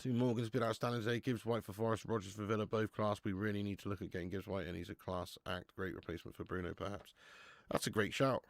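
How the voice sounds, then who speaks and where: A man's voice: on the low side, fairly even intonation, fast talker, gravelly, no room sound. A man hosting a live football watch-along, chatting casually, swearing and reading out viewer messages.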